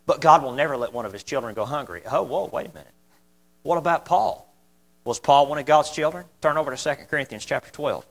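A man preaching a sermon, impassioned and folksy, repeating key phrases and swinging from loud emphasis to quiet asides. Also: on the high side, quick pace.

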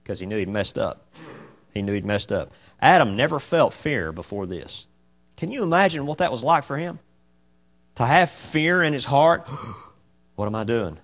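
A man teaching an informal Bible class in a folksy, animated way, often asking the group questions. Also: medium pitch, moderate pace.

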